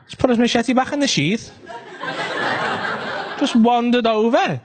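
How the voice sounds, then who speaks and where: A man with a Northern English accent doing stand-up storytelling, animated and sweary, full of conversational asides. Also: on the high side, normal speed. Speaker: stand-up comedian.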